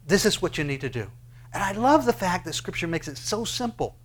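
Here the pastor's voice is high-pitched, husky and sing-song as he preaches. He poses one question after another to his listeners, alternating soft, slow sections with loud, rising ones.

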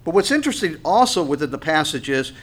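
Animated preaching man, fairly high voice. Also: fast talker. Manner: animated preaching, voice swells on scripture and drops low on asides. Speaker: pastor. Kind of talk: sermon.

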